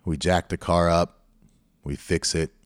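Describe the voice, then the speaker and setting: A man's voice: deep voice, steady tone, a little slow, no echo, clean studio sound. A middle-aged man hosting a podcast, telling a personal story in a candid, reflective way. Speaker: podcast host. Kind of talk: storytelling monologue.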